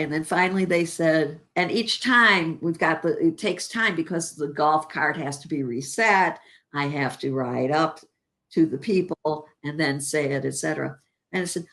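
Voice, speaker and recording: A woman with a low voice and moderate pace, she is an older Chicago actress telling stories as an interview guest. She stays animated throughout and acts out the lines she quotes.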